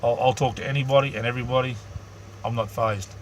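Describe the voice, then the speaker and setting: Australian man, medium pitch, blunt, rambling live-stream chat, slight background noise. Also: steady tone, fast talker. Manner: blunt, rambling, lots of ums.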